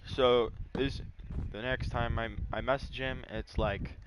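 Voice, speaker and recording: A man's voice: mid-range voice, steady tone, unhurried, background noise. A man chatting casually over gameplay, telling a rambling story with lots of fillers. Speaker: gaming YouTuber.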